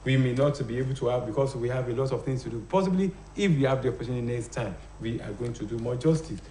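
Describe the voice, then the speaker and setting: Hesitant teacher in roomy studio. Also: male voice, medium pitch, fast talker, mellow, slight background noise. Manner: hesitant, many fillers, rhetorical "what?" questions. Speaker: phonology teacher on a TV show. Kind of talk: live broadcast lesson.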